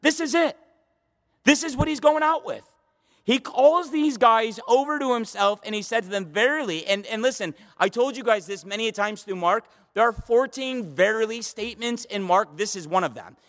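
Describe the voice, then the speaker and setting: Passionate high-voiced preacher in a reverberant church. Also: male voice, normal speed, a bit bright. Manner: passionate, emphatic, conversational preaching. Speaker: pastor. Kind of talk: sermon. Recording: long hall reverb.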